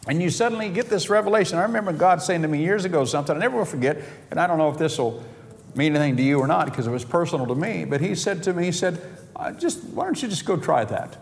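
Chuckling preacher in a big reverberant hall. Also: male voice, on the high side, racing. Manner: storytelling with chuckles, quoting dialogue in his own voice. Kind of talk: sermon. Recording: reverberant hall, faint background noise.

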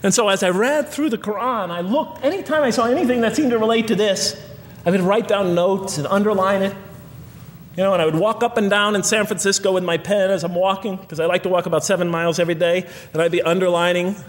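A man delivers a public lecture in a lingering, reverberant hall. His voice sits a touch high for a man, and he builds his points rhetorically, ticking them off one after another in an earnest tone. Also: fast, a little hiss or hum.

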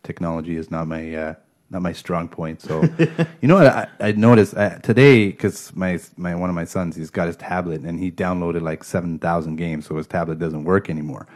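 A man's voice: low-pitched, normal speed, a little mellow. A middle-aged man co-hosting a podcast, talking in a rambling, self-deprecating way. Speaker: podcast co-host. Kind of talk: casual chat.

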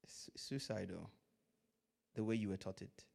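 A man preaching a sermon, swinging from loud, drawn-out lines to hushed asides, with Pidgin phrases mixed in. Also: fairly low pitch, creaky. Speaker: pastor.

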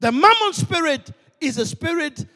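A man's voice: very high-pitched, very animated, moderate pace, sharp tone, big-room sound. A male pastor preaching an emphatic sermon, switching between Sesotho and English, in a church.

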